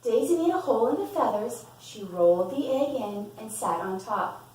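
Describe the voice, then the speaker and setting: A woman's voice: on the high side, sing-song, moderate pace, darkish tone. A woman preschool teacher reading a story aloud to young children and leading them in play, asking sing-song questions. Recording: echoey room, voice from far off.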